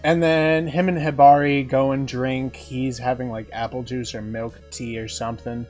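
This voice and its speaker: A man giving a casual anime episode recap, talking like an excited fan, chuckling often and acting out quotes. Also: mid-range voice, normal speed, faint music behind. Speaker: anime reviewer.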